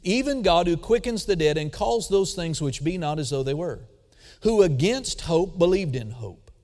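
Booming preacher in a reverberant hall. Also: male voice, expressive, moderate pace. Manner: dramatic swings between booming emphasis and quiet asides; calls for audience response. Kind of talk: sermon. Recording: long reverb of a large hall.

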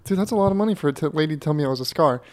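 A man's voice: on the high side, expressive, racing, a little mellow. A young man and podcast co-host, rambling through a casual story, swearing, laughing and acting out what people said.

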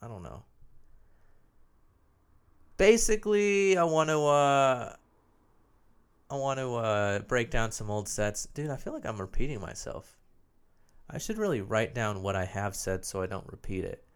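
A man's voice: on the low side, normal speed, clear, resonant tone. A young man hosting a solo podcast while sick, with a nasal, phlegmy voice and a sore throat, rambling loosely and mocking himself, with plenty of swearing. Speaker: podcast host.

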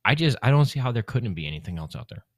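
A man's voice: medium pitch, big pitch swings, fast, no echo, studio quality. A young man hosting a podcast, swearing and joking in loose, casual banter. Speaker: podcast host. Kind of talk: casual chat.

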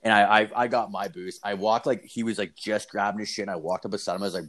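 Young dude on a podcast, kinda low voice, swearing constantly, rambling story full of likes and bros. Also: male voice, fairly even intonation, quick pace, few pauses. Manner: profane, rambling, heavy on filler words. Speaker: podcast co-host. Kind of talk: casual storytelling chat.

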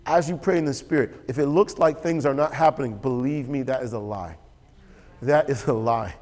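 A man's voice: a little high, a little mellow, long reverb tail. A man preaching a sermon as pastor. He talks emphatically, repeats his key lines and often checks that the audience is with him. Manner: emphatic and repetitive, asks the audience for assent.

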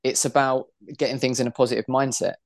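A young male podcast host talks quickly, doubling words as he gets going and warmly affirming his guest. The sound is close and dry, with no room around it. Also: medium pitch, little pitch movement, gravelly, no echo. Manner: quick, repeats words when starting, affirming. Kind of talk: casual interview chat.

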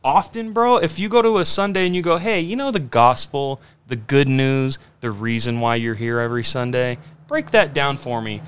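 A man co-hosting a podcast in casual chat, animated and profane, acting out quotes as he talks. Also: medium pitch, normal speed, few pauses, clear, resonant tone. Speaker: podcast co-host.

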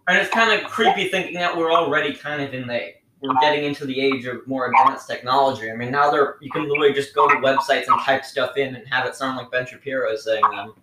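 A man's voice: mid-range voice, fast talker, few pauses. Stammering podcast host man, echoey room. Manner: hesitant, stammering. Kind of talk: casual podcast interview. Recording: echoey room with faint noise.

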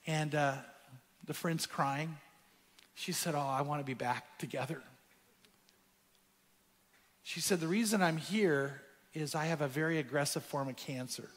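A man preaching in a large church hall, his fairly high, bright voice carrying a long reverb. He tells a story, dropping to a hush and then rising to emphatic points, with soft music underneath. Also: unhurried, pauses often. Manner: storytelling, shifting from hushed to emphatic. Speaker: pastor. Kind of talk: sermon.

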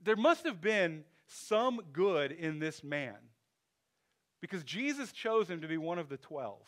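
A man's voice: fairly high pitch, big pitch swings, unhurried. A man preaching a sermon in a loose, conversational way, thinking aloud with restarts and asides. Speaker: pastor.

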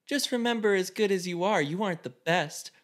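A man's voice: high voice, normal speed, fairly bright tone, voice pushed up. A man voicing a smug, taunting female sorceress in a raised voice.

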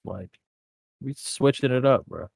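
A man's voice: mid-range voice, lively intonation, unhurried, creaky, a little mellow, breathy edge, no room sound, clean studio sound. A young man in casual chat, laid-back and slangy, leaning on filler words.

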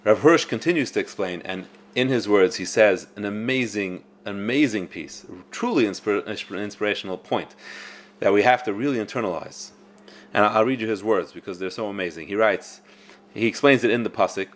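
A man teaches a Torah class on scripture with an animated, brisk delivery at a fairly low pitch. He often repeats words as he works through his thoughts.

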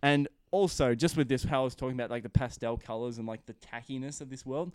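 A man chats loosely about a film, gushing and rambling, his speech full of "like" and the odd curse. His voice is smooth and clear, recorded close in a dry room with no echo. He sits at a middling pitch. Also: fast talker. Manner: rambling, enthusiastic, full of "like" fillers and swearing. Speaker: film reviewer. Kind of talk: casual film review chat.

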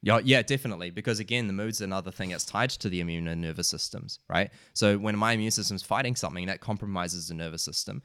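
A man's voice: sits low, fast talker, few pauses, fairly bright tone, clear, resonant tone, dry recording. A man with a New Zealand accent, a podcast guest who talks in an earnest, rambling way with many fillers. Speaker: podcast guest, wellness coach. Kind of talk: casual podcast conversation.

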